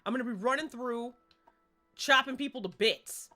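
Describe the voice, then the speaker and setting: Woman streamer, chatty, self-deprecating, bright voice, faint music behind. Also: on the high side, moderate pace. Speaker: livestreamer. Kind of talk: casual gameplay commentary.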